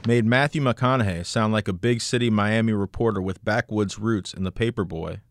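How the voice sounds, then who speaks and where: Low-voiced man narrating a radio feature. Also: a little hiss or hum. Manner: measured, even storytelling delivery. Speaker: radio reporter. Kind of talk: scripted news feature narration.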